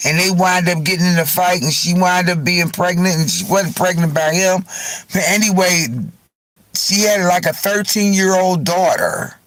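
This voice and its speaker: A man's voice: high-pitched, moderate pace, dry recording, low-quality recording. A man hosting a livestream, telling gossipy stories in a casual chat to his viewers, cursing freely and laughing often. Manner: animated gossipy storytelling, frequent laughter. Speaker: livestream host.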